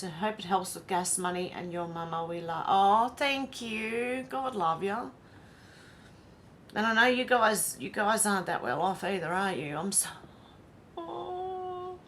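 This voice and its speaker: A woman's voice: mid-range voice, a bit bright, slight background noise. Chatty Australian woman reading live chat. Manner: chatty and self-amused, laughs often. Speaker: livestream host. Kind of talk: casual live chat reading viewer comments.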